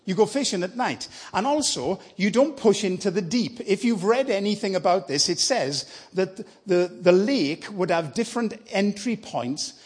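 A man's voice: high voice, expressive, moderate pace, few pauses, a little mellow, slightly rough. A man preaching as a guest speaker in church, telling a story in a conversational, encouraging way. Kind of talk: sermon.

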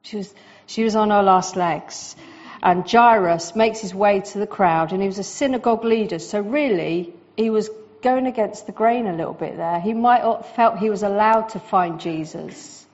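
Woman preaching a lively conversational sermon. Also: mid-range voice, normal speed, lo-fi sound.

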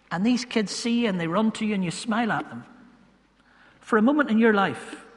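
Man, pastor, sermon, bright tone, swings loud to hushed. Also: sits high. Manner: swings between loud emphasis and hushed, slow asides. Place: church. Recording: long hall reverb.

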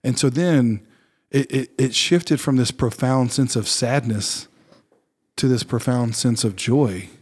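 A man's voice: medium pitch, slow, husky. Earnest reflective male pastor. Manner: earnest, reflective, many fillers and restarts. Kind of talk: casual faith podcast chat.

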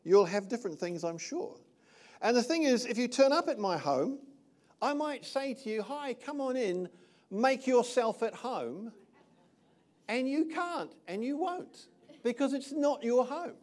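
A man's voice: extremely high pitch, sing-song, unhurried, a little mellow. An older man from New Zealand preaching a sermon in a conversational way, often checking in with the listeners. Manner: conversational, checks in with "all right?". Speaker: pastor.

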